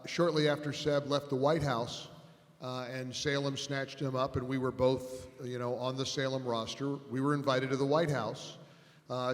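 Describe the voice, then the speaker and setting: A radio talk host telling an animated story to a live audience, building to loud punchlines, on a stage microphone. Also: male voice, mid-range voice. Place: large event hall on stage. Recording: long reverb in a big hall.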